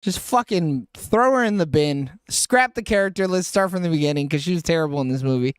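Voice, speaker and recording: A man's voice: fairly high pitch, lively intonation, brisk, clear, resonant tone, no room sound, studio quality. A man hosting a casual movie review podcast, laughing often and swearing freely as he asks the questions.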